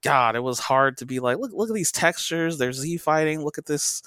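A man's voice: a little high, expressive, normal speed, sharp tone, smooth, dry recording, studio quality. A man co-hosting a podcast in casual chat, loose and profane, with plenty of fillers and restarts. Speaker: podcast co-host, former game tester.

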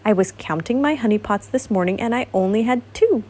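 A woman reading the lines of a gentle, cheerful male bear from a storybook. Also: a little high, lively intonation, brisk, breathy edge.

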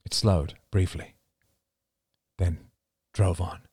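Male audiobook narrator, low and animated, recorded dry and close. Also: normal speed, dry recording. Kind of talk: scripted narration.

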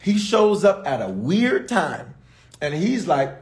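A man's voice: sits high, sing-song, takes it slowly. A man preaching a livestreamed sermon as a bishop. He talks straight to his viewers and repeats phrases over and over for emphasis. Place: livestreamed service, reading viewer comments.

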